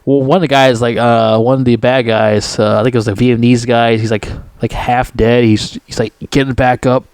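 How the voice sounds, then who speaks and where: A man's voice: mid-range voice, level tone, normal speed, a little mellow, clear, resonant tone, dry recording. A man reviewing a movie in a casual, rambling recap, swearing freely and stumbling over fillers and restarts. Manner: profane, full of fillers and restarts.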